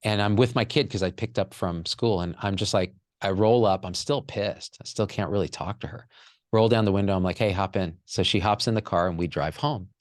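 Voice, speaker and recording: A man's voice: sits low, a little fast, dry recording, studio quality. A man telling a raw personal story with candid emotion, swearing freely as a podcast guest.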